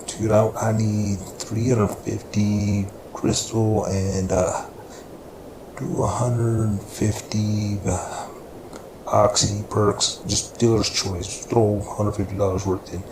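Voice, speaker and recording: A man voicing a small-time hustler who talks fast to get out of trouble. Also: lowish voice, little pitch movement. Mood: pleading. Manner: pleading, rushed. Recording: echoey room with background noise.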